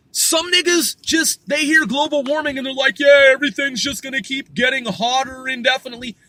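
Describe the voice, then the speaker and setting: A man's voice: extremely high pitch, pushed and bright, dry recording. A man delivering a rambling, profane philosophical monologue, firing rhetorical questions at the listener and repeating himself. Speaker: vlogger.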